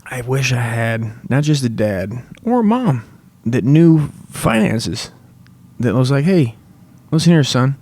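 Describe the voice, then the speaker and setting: A man's voice: medium pitch, animated, takes it slowly, a little mellow. A young man hosting a comedy podcast, rambling through a crude, profane monologue full of swearing.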